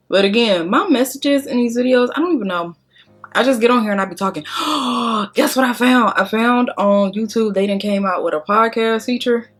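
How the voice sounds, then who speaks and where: A young adult woman chatting casually and candidly while doing her makeup, swearing freely and crying as she thanks her viewers. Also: mid-range voice. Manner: candid, profane, tearful and emotional. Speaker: beauty vlogger.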